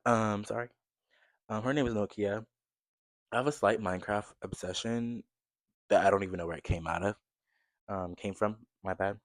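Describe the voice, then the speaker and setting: A man's voice: lowish voice, normal speed, pauses often, no room sound. A man in his twenties from the United States, chatting casually and rambling to camera from his bed, turning upbeat as he shows things off. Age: 20s. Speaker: vlogger.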